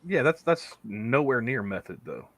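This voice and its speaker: This is a man in a casual online chat, co-hosting and thinking out loud. He rambles, restarts sentences and leans on "you know" all the time. His voice sits mid-range and sounds dry, with no room echo. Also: medium pitch, very animated, moderate pace. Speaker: podcast co-host.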